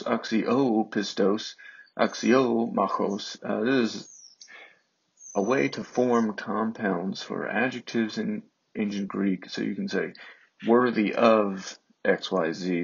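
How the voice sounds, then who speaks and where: A man teaching ancient Greek in an unhurried way, often pausing with fillers. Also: fairly low pitch, gravelly, breathy edge, lo-fi sound. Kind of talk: slow explanatory lesson.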